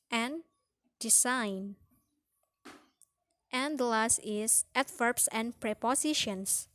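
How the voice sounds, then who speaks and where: A woman works through a phonetics lesson on word stress. Her voice sits slightly high and she moves at an unhurried, careful pace. She lingers over each example word as she reads out the rules. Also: no echo. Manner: slow, careful reading of rules with drawn-out example words.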